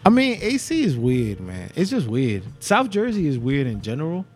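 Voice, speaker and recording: A man's voice: medium pitch, wildly swooping pitch, normal speed, a little mellow. A young man, co-hosting a podcast, telling rambling profane stories and laughing often. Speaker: podcast co-host. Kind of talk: casual chat.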